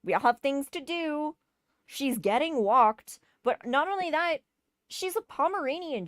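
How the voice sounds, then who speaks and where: A woman's voice: high-pitched, lively intonation, unhurried, no echo, clean studio sound. A woman streamer telling a storytime rant, exasperated and swearing as she mocks a neighbor.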